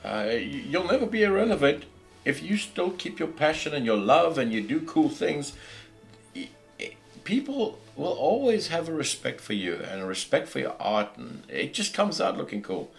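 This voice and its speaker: A man's voice: on the high side, sing-song, normal speed, vocal fry. A middle-aged man with a South African accent hosting a casual podcast, ranting passionately and preachily, with frequent restarts. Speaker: podcast host. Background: faint background music.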